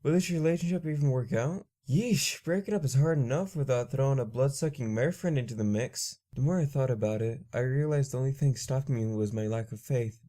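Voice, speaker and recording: A man's voice: medium pitch, brisk, few pauses, mellow. A man narrating a fan fiction story in the first person, reading steadily.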